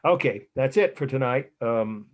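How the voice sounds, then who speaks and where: A man's voice: medium pitch, lively intonation, moderate pace, muffled recording. An older man with an American accent giving an art history lecture in a rambling, chatty way, full of fillers and restarts. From United States. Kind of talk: casual lecture with anecdotes.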